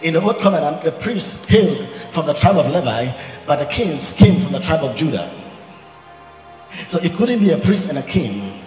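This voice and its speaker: A man preaching with passion, his slightly high voice rising and falling widely as he quotes scripture and breaks into shouts. He is heard in a large echoing hall with soft music behind him. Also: very animated, normal speed. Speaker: pastor. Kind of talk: sermon. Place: large church event hall. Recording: echoey hall recording.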